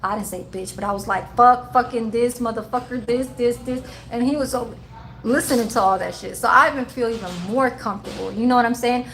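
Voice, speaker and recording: A woman's voice: a little high, fast, vocal fry, a bit bright, slight background noise, poor audio. A woman in her forties chatting casually on a livestream, telling childhood stories with lots of cursing and laughter and talking to her chat. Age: 40s. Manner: profane, laughing storyteller who talks to her chat. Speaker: livestream host.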